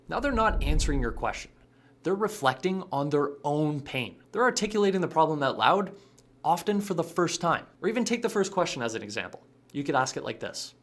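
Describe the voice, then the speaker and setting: A man's voice: a little high, lively intonation, a little fast, fairly bright tone. A man giving scripted sales coaching narration with a punchy, emphatic delivery. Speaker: sales trainer.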